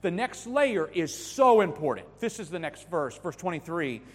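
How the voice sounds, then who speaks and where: A man preaching a sermon to young people, emphatic, swinging between loud stresses and hushed passages. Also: on the high side, very animated, normal speed. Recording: long hall reverb.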